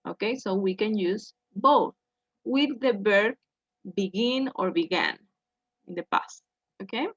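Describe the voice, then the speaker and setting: A woman teaching an English grammar lesson, speaking slowly and checking in with "okay" after each point. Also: mid-range voice, slightly rough, dry recording. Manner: slow, repeats "okay" to check in with students. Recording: dull lo-fi sound.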